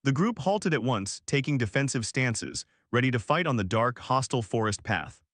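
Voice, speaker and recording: Lively-voiced male story recap narrator. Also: medium pitch, normal speed, no echo, studio quality.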